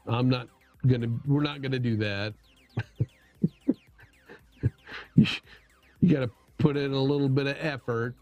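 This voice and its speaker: A man's voice: mid-range voice, steady tone, moderate pace, pauses often, darkish tone, soft background music. A middle-aged man hosting a casual livestream chat, rambling and poking fun at himself, with lots of restarts. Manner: rambling, self-deprecating, many restarts. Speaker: livestream host.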